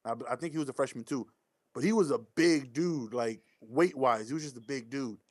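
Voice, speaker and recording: A man's voice: medium pitch, moderate pace, dry recording, clean studio sound. A man in casual chat who rambles and interrupts himself while telling a story.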